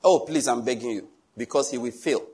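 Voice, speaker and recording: A man preaching a sermon in an animated, joking way, with pleading asides to the congregation. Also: mid-range voice, fairly quick, slight background noise.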